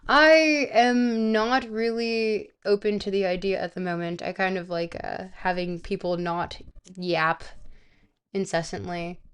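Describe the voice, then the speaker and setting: A woman streamer chatting casually in a dry, blunt, teasing way. Her voice is smooth and clear. It sits at a middle pitch. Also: fairly even intonation, measured pace. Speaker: streamer and host.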